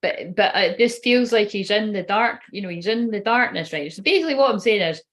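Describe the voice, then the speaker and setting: A woman's voice: mid-range voice, lively intonation, fairly quick, fairly bright tone. A woman, a tarot reader and medium giving a casual, rambling live-stream reading and swearing now and then.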